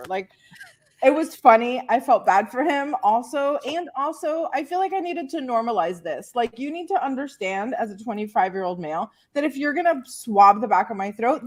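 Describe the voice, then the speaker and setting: A woman in her forties, chatting on a podcast as a guest and telling a comic story with acted-out voices and laughter. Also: a little high. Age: 40s. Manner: animated storyteller who acts out voices and laughs. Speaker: guest, women's empowerment coach.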